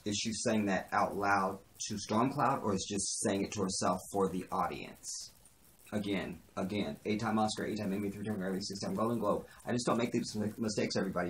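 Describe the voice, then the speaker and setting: Man, lowish voice, casual opinionated TV reviewer. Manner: chatty, opinionated, acts out dialogue. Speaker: TV episode reviewer. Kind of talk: casual recap of a TV episode.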